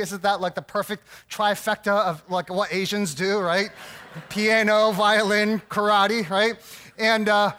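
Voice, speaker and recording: Bright-voiced man preaching conversationally. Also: sits high. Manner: conversational, self-deprecating storytelling with frequent "right?" asides. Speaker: pastor. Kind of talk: sermon.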